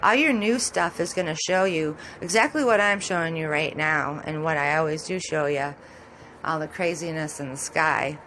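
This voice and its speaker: A woman's voice: sits low, normal speed, a bit bright, a little hiss or hum. A middle-aged woman with a Michigan accent and Southern touches, chatting casually and rambling as a vlogger while commenting on sky photos, laughing often.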